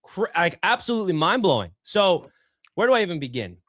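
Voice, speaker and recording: A man's voice: high voice, brisk, no room sound, studio quality. A man on a sports panel arguing his football takes, mocking and pushy. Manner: argumentative, mocking, animated. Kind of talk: heated sports debate.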